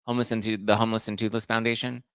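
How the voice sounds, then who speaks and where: A young man hosting a gossip live stream, chatty and camp. He sits low in pitch, with a bright, crisp tone over some vocal fry. The sound is close and dry. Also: little pitch movement, very fast, no echo. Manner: chatty, camp, reads viewer comments and acts out quotes. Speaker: host. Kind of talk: live-stream pop culture chat.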